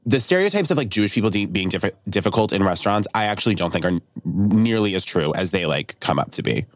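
Low-voiced fast-talking man host. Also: dry recording, studio quality. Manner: animated, quick storytelling full of "like" and "do you know what I mean". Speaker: podcast host. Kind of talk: casual podcast chat.

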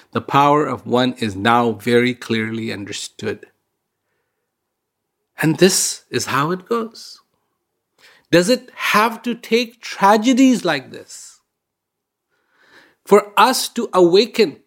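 A man giving an inspirational talk, telling stories in a conversational way and repeating words for emphasis. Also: a little high. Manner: conversational storyteller with fillers. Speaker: speaker giving a reflective talk.

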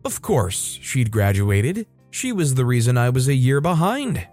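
A man reading a first-person story aloud in a steady, scripted narration. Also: measured pace. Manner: steady first-person storytelling, puts on a higher voice for quoted women. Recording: soft music bed behind. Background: faint background music.

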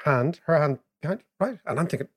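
A man, co-hosting a podcast in casual chat, telling lively anecdotes and explaining economics. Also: a little high, brisk. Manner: animated, laughing anecdotes. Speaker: podcast co-host.

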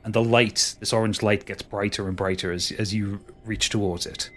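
This man runs a tabletop game, describing caves and light in a fairly low voice. He stumbles and restarts now and then, keeping the story rolling. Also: fairly even intonation, moderate pace, fairly bright tone, faint music behind. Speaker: game master.

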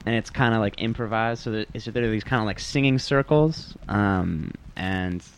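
A man's voice: fairly low pitch, normal speed, clear, resonant tone. A man chatting casually about music, laid-back and rambling with lots of fillers. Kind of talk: casual chat.

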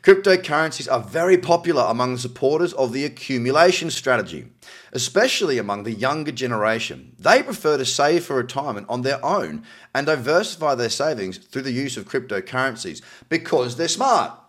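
A man's voice: mid-range voice, expressive, brisk, a bit bright. A middle-aged Australian man casually reading out news articles and adding cynical, wry asides. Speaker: crypto news commentator.

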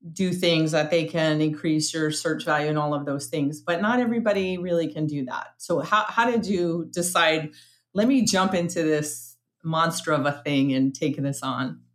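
A woman's voice: low-pitched, normal speed. A woman hosting a podcast interview, chatty and upbeat, often restarting her sentences as she goes. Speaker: podcast host. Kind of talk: casual interview chat.

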